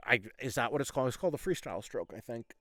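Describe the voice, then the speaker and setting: A man with a middle-pitched voice hosts a podcast and tells a story in loose, rambling monologue. He leans on fillers and swears freely. The sound is dry and close. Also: animated, racing, a bit bright, no room sound. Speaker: podcast host.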